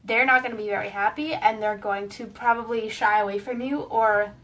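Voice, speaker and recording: A woman's voice: medium pitch, fairly even intonation, fairly quick, a bit bright, recorded from a distance. A woman giving a casual, explanatory online lesson as a pet wellness educator, with a few small fillers.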